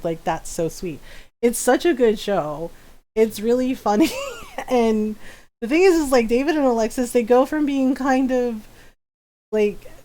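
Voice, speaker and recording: A woman's voice: fairly high pitch, animated, normal speed, warm tone. A woman livestreaming a game and chatting casually, talking in a giggly way with many fillers. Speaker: livestream gamer. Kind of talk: casual chat while gaming.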